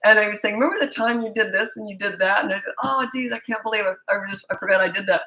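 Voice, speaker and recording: A woman's voice: medium pitch, fast, bright, forceful tone, reverberant, a little hiss or hum, low-quality recording. A woman in her fifties, a parenting coach, answering viewer questions in a chatty, blunt way, with stammered restarts. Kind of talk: live Q&A answering viewer comments.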